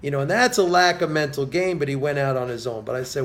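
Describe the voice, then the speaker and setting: A man's voice: on the high side, lively intonation, fast talker, vocal fry, few pauses. A man giving an emphatic motivational monologue as a financial commentator, lecturing and repeating his key phrases.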